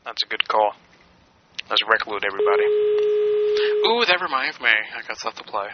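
A man's voice: fairly low pitch, animated, moderate pace. A male radio host who makes prank calls and mocks the person on the line. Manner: mocking, teasing caller. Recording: dull lo-fi radio audio, faint hiss.

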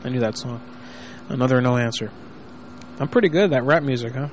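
A man talking casually and crudely as a show host, teasing and mock-indignant in quick bursts. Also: medium pitch, very noisy. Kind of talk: casual crude talk with prank calls.

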